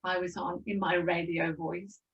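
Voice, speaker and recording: Chatty older Birmingham woman, low-voiced. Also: measured pace, far from the mic, lo-fi sound. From Birmingham, England. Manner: chatty, lively, repeats words as she goes. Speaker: guest. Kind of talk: casual storytelling interview.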